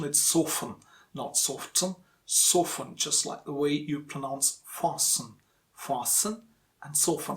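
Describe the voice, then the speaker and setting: A man gives an explanatory lesson. His voice sits a little above the usual male range. He speaks deliberately and repeats each example phrase for the learner. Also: a little high, a bit bright. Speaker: English teacher.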